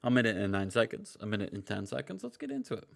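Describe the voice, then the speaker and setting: A male podcast co-host recaps matches in casual chat and teases his partner along the way. His voice has a gravelly fry and swings lively up and down in pitch. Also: quick pace. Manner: joking, teasing, recapping matches.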